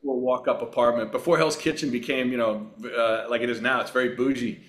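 A middle-aged man from Long Island telling wry, relaxed anecdotes as a guest in a casual interview. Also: mid-range voice, brisk. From Long Island, New York. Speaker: actor and racer, guest.

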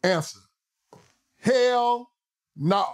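Guy with a high-ish voice preaching hard, repeating himself for emphasis. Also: lively intonation, drawn-out words. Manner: emphatic, repetitive, sermon-like delivery. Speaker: political commentary host. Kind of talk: preachy monologue.

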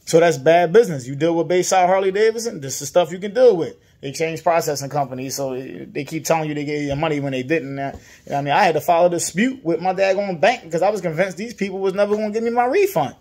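Frustrated man venting, fairly high voice. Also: fast talker, darkish tone. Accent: Virginia. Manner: frustrated, repetitive, mimics others' lines. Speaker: customer complaining about a dealer. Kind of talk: casual venting monologue.

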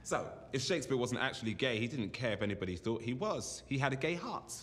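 An actor playing a playful, theatrical teacher, coaching a class in a teasing, animated way. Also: male voice, mid-range voice, quick pace, a little hiss or hum, natural voice. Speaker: drama and dance teacher. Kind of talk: film drama. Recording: echoey hall with loud music.

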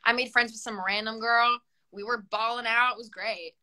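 Bright-voiced playful young woman. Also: fairly high pitch, steady tone, normal speed, low-quality recording. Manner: playful, mock-dramatic teasing. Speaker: guest on a live stream. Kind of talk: casual chat. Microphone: phone on a live video call.

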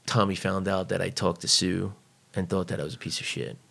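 A man's voice: low voice, little pitch movement, brisk, gravelly, a bit bright. A man guest on a podcast, telling a personal story casually and bluntly, swearing freely. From United States.

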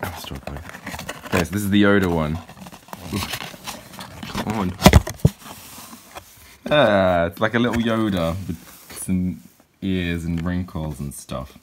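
In his weekly vlog, a man chats casually and cheerfully around a city, both outdoors on the streets and inside, with rambling restarts. His low voice is slow with long pauses, over background noise and loudly playing music.

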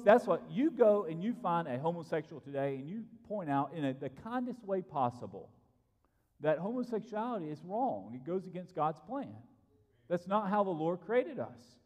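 A man's voice: sits high, darkish tone. A man preaching a sermon in a church, emphatic and repeating key phrases for stress. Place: church sanctuary. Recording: long reverb from a church hall.

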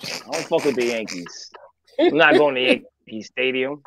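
A man's voice: mid-range voice, wildly swooping pitch, normal speed, creaky, fairly bright tone, no echo, poor audio. A man talking as a podcast guest, joking and swearing as he acts out street scenes. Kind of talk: casual podcast banter.

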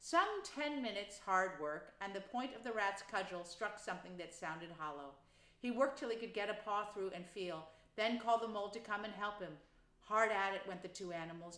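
A woman teacher calmly reading a children's storybook aloud. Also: medium pitch. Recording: roomy echo.

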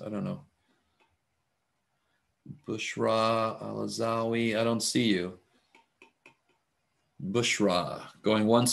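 A man's voice: lowish voice, vocal fry. A man teaching a math class over a video call, talking casually with lots of fillers while taking roll. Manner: relaxed, chatty, many fillers. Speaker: math instructor. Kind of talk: casual online class talk. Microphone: computer mic on video call.

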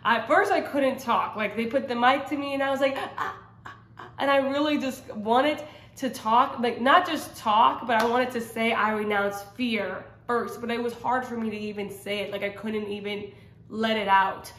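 A woman's voice: on the high side, fairly even intonation, normal speed, a bit bright. A woman sharing a personal faith testimony in casual, earnest talk, rambling with many fillers and restarts. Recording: roomy echo.

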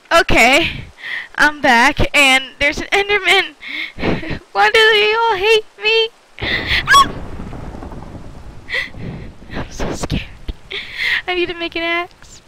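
A woman's voice: very high-pitched, very slow, pauses often, bright, forceful tone, slight background noise, low-quality recording. A woman giving chatty let's-play commentary while gaming, talking to her viewers with frequent exclamations. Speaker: gamer.

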